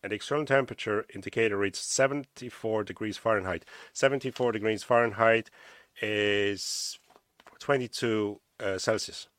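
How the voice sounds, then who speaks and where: A man's voice: on the low side, steady tone, moderate pace, a bit bright, dry recording. A man with an Irish accent hosting a podcast, reading from a diary aloud with stumbles and casual asides. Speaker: podcast host.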